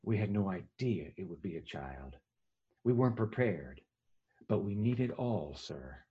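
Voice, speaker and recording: Brief: a preacher putting on an old male doctor, low, husky, hushed and grave, dull lo-fi sound. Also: lively intonation, normal speed. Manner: low, hushed, solemn pleading.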